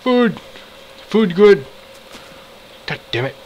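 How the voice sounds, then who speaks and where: A man giving casual commentary while playing a game, talking to himself, swinging between frustrated outbursts and excited shouts. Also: mid-range voice, slow, low-quality recording. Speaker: gamer.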